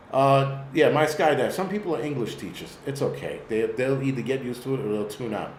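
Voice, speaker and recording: The host, a man with a New York accent and a mid-range voice, speaks animatedly at a moderate pace during his live-stream commentary. Blunt and swearing, he rambles in a rant; the sound is roomy with a bit of hiss or hum.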